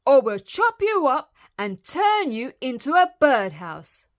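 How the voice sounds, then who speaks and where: A woman's voice: high-pitched, big pitch swings, slow, dry recording, clean studio sound, voice pushed up, full character voice. A woman voicing a brave male woodcutter who bellows commands. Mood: commanding.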